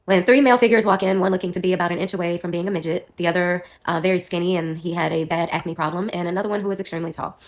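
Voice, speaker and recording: A woman in her thirties who is under the weather, telling a personal storytime in a quick, rambling way and correcting herself as she goes. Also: lowish voice, fairly even intonation. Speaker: storyteller in a clip.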